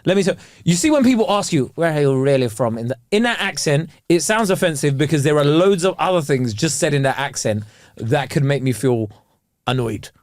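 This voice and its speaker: A young man co-hosting a casual podcast chat, slangy and quick to laugh. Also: a little high, dry recording, clean studio sound. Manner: animated, slangy, laughs often. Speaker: podcast co-host.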